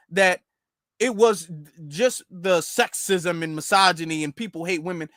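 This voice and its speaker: A man's voice: sits high, a bit bright, no room sound, clean studio sound. A man hosting a livestreamed reaction commentary show, sarcastic and repeating his rhetorical questions.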